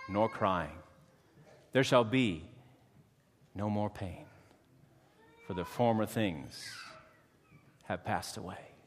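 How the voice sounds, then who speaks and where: A male pastor tells a lively personal anecdote and then turns it toward scripture in a steady preaching cadence. His voice sits at an ordinary middle pitch. The room gives it a long, church-like reverb. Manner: animated storytelling, acts out voices, preachy cadence. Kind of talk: sermon with personal story.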